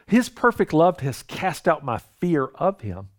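A man's voice: a little high, very animated, measured pace. A man preaching a sermon in an earnest, conversational way, often stumbling over and repeating words. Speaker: pastor.

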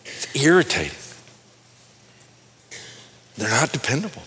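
A middle-aged man preaching a sermon in a conversational, animated way, telling stories and often repeating words as he starts a phrase. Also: medium pitch, a little slow, big-room sound. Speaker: pastor. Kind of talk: sermon with storytelling.

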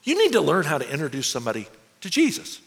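A man voicing a stiff, formal, old-school businessman who mentors youth, speaking in a measured, proper, instructive way. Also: a little high, huge pitch swings, voice pushed down. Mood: earnest coaching. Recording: long hall reverb.

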